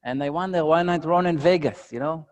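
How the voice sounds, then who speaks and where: A man's voice: on the high side, brisk. Israeli guy, comedian, joking around on a video call, loose grammar. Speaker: stand-up comedian guest. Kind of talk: casual interview chat.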